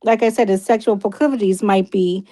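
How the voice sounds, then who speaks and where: A middle-aged woman with a New York accent, talking fast and restarting words as she argues her point in a casual debate. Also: mid-range voice, steady tone, dark tone, poor audio.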